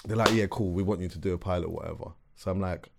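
Animated man telling a story. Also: fast talker, gravelly, background noise. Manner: animated storyteller, voice climbs high and loud when excited. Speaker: podcast co-host. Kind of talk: casual storytelling chat.

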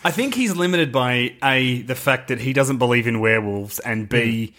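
A man co-hosting a casual podcast about a film, retelling scenes with lively quoted lines. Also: mid-range voice, normal speed. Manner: animated, acts out movie scenes in quoted voices. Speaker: podcast co-host.

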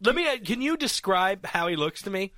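A man's voice: sits high, very animated, brisk, bright, forceful tone, dry recording, clean studio sound. A man co-hosting a casual chat, hesitant and full of fillers, often laughing.

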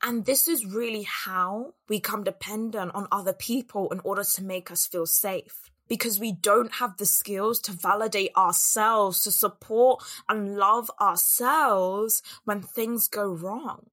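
Earnest female business coach, reflective solo talk, bright tone. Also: medium pitch, measured pace, hardly any pauses. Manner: earnest and reflective, acts out inner doubts.

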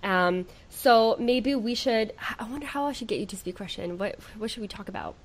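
A woman's voice: mid-range voice, normal speed. A young woman from Ukraine hosting a live online show, effusive and full of praise as she reads out viewer comments. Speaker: host.

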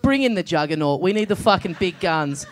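A man's voice: high-pitched, expressive, a little fast. An Australian man co-hosting a live comedy podcast, joking around with a sweary, laughing manner. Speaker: podcast co-host.

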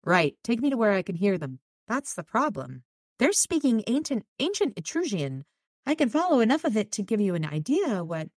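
A woman hosts a podcast, casually recapping a novel and reading quoted passages in light voices between chatty asides. Her mid-range voice is very animated and a little mellow, at a moderate pace, with no room sound.

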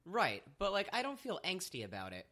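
A man's voice: high voice, huge pitch swings, a little fast, sharp tone. Easygoing young man rambling. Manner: easygoing, rambling, self-deprecating. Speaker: podcast co-host. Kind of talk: casual chat.

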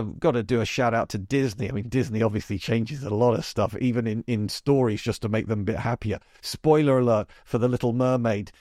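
A podcast host delivers a casual monologue about musicals, speaking emphatically and wandering into chatty asides. His mid-range voice has a darkish tone, captured in clean studio sound with no echo.

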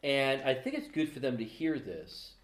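A man's voice: medium pitch, animated, normal speed. A man co-hosting a casual podcast, chatting and joking as he goes. He stops and restarts his sentences a lot. His voice bounces around a reverberant room. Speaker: podcast co-host. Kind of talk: casual chat.

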